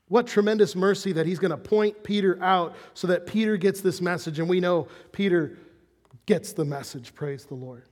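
Preaching at a moderate pace, a high-voiced male pastor tells the story animatedly, then turns soft and intense on the important points. A long reverb tail trails his words.

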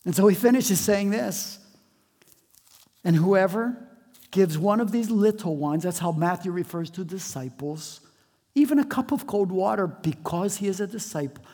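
Sermon preacher, mid pitch, dramatic loud-to-hushed dynamics, drawn-out emphasis, big hall echo. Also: expressive. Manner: dynamic, swings between loud emphatic lines and hushed low drops; slows and stretches words for emphasis. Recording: long hall reverb.

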